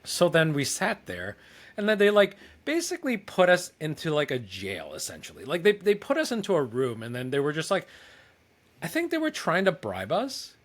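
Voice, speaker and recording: A man's voice: on the high side, wildly swooping pitch, normal speed. Rambling young man telling a travel story. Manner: rambling, lots of "like", acts out quoted dialogue. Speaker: podcast co-host. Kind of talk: casual storytelling chat.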